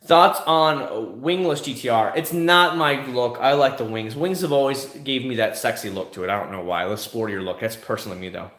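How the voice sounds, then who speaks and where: A man's voice: mid-range voice, normal speed, few pauses, a bit bright, reverberant. A middle-aged man from South Florida, hosting a casual live chat, blunt and profane, often mimicking others mid-rant. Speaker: livestream host answering chat. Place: home room, in Kissimmee.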